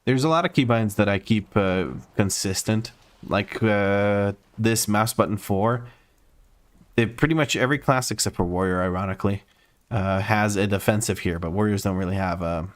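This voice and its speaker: Male streamer, American accent, slightly low-pitched, easygoing running commentary over gameplay. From Croatia. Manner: easygoing, explains as he plays.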